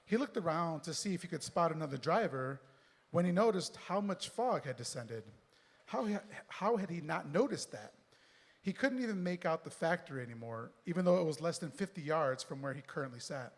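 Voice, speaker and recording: A man reading his own story live on stage into a mic, with quick joking asides to the audience. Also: fairly high pitch, expressive. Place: stage in a performance venue. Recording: long reverb in a performance hall.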